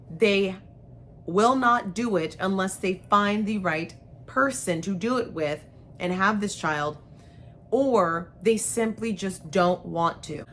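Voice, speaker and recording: A woman's voice: medium pitch, a little hiss or hum. Frank, chatty young woman host. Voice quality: chatty, frank, animated, with slangy asides. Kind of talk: casual chat to camera.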